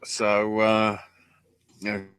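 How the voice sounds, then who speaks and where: Male podcast host, low voice, slow, sarcastic and profane. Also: completely flat delivery, fairly bright tone, smooth, dry recording. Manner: profane, sarcastic, unhurried drawl. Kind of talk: casual wrestling recap chat.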